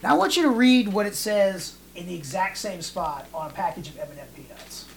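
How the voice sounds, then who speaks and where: Male podcast host, casual and profane, an animated storyteller. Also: sits high, a little fast, vocal fry, slight background noise. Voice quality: storytelling, animated voices in quotes, swears freely. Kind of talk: casual chat.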